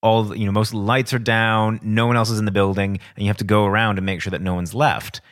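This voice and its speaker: A man's voice: lowish voice, fast. A man co-hosting a casual movie review chat, telling stories with lots of fillers. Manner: animated storyteller, hedging with fillers. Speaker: podcast co-host. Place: former cinema worker.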